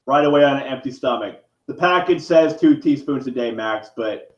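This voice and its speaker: Mid-range and darkish at normal speed, this man vlogger's voice carries a furious, profanity-laced, rambling rant to the camera while he's in pain. The recording is echoey and dull, with lo-fi sound.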